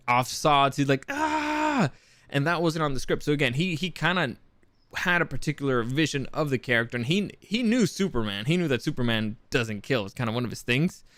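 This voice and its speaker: A man hosting a podcast talks in a loose, rambling monologue, tripping over restarts and dropping the occasional curse. His voice sits at an ordinary middle pitch. The sound is dry and close, with no room echo. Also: fairly bright tone. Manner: rambling with frequent restarts and profanity. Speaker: podcast host. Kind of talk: casual commentary monologue.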